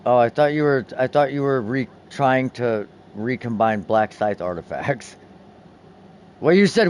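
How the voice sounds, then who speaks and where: Cursing, excitable male game streamer. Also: medium pitch, moderate pace. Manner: profane, excitable, many restarts. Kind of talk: casual game stream chat.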